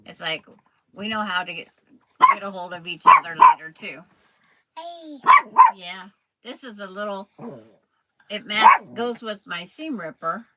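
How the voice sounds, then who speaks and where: A woman's voice: mid-range voice, big pitch swings, measured pace, long pauses, heavy background noise. An older woman hosting a casual quilting chat, chatting and cooing to a toddler in baby talk. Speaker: quilting channel host.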